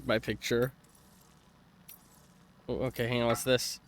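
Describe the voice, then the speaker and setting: A man's voice: mid-range voice, level tone, takes it slowly, long pauses. A man casually commenting on his gameplay as a let's play streamer, chatty and swearing, reading game text aloud. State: clearing throat with heartburn.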